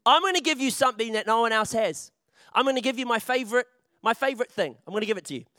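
Casting note: lively, jokey male youth preacher with a high, bright voice. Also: fast talker, dry recording, clean studio sound. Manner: chatty, jokey, often restarts phrases. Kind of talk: playful youth sermon with a volunteer.

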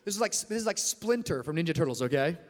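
Young guy preaching, high voice, big echoey church hall, gets loud. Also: fast. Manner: energetic storytelling, rising to shouts. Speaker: pastor. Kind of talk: sermon. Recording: long reverb of a large hall.

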